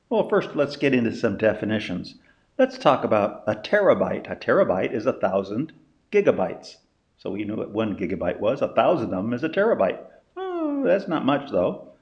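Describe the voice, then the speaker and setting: An older man teaching a casual spoken lesson in a folksy, rambling way, pausing often and asking rhetorical questions. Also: fairly low pitch, gravelly, darkish tone, muffled recording. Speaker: teacher of a lesson on big data.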